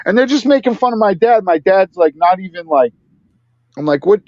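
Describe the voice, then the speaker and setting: A man in casual podcast chat, swearing freely and getting loud when worked up, on a dull, dry recording. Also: high-pitched, animated, moderate pace, no room sound.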